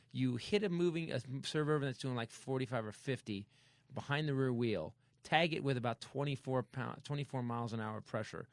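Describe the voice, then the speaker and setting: A man hosting a comedy podcast, telling a story in a casual, animated way and acting out sound effects. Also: mid-range voice, gravelly, dry recording. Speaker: podcast host.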